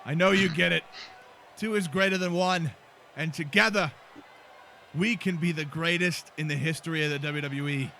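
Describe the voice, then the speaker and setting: A man's voice: on the high side, moderate pace, gravelly, pauses often, pushed and bright, slight background noise, pitched below the performer's own voice. A man putting on a brash Irish-accented wrestler. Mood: persuading. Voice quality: mock Irish accent, exaggerated. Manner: persuasive, repeating "fella".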